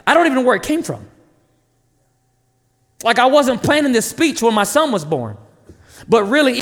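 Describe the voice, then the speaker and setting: A man in his thirties preaches with a voice pitched very high for a man. His delivery is lively, with the pitch swinging widely. He pleads and asks the congregation questions. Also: in a large hall. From North Carolina, USA. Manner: passionate, animated preaching with rhetorical questions to the crowd. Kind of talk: sermon.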